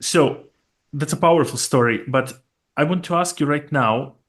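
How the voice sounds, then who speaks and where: A man hosting an interview show, asking measured questions and giving brief reactions. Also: a little high, a bit bright. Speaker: podcast host.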